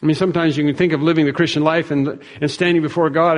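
A man's voice: fairly high pitch, fairly even intonation. Earnest preacher man in a reverberant hall. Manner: earnest, measured preaching with acted-out quotes. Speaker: pastor. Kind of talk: sermon. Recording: long reverb of a large hall.

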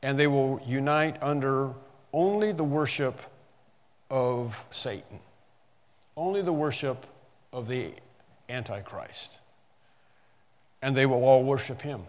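A man's voice: mid-range voice, lively intonation, slow pace, long pauses. Man preaching in a reverberant hall. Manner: explains scripture, reads passages aloud with rising emphasis. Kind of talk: sermon, Bible exposition.

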